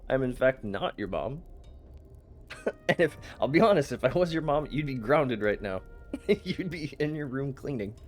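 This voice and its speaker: A man's voice: mid-range voice, lively intonation, normal speed, faint music behind. A man streaming a game, chatting casually with his chat, playful and teasing, often laughing and stammering. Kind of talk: casual live-stream chat while gaming.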